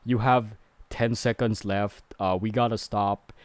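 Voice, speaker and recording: Brief: casual young blonde woman, man reading her, flat and offhand, no change of voice. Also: lowish voice, measured pace, no echo, lightly acted.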